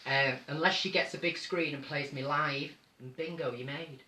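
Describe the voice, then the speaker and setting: A man's voice: a little high, fairly even intonation, normal speed, bright, forceful tone, reverberant, poor audio. A man with a North Manchester accent hosting a casual live stream from his home, chatty and theatrical, calling his viewers darling. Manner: camp, chatty, theatrical, calls people darling. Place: home room.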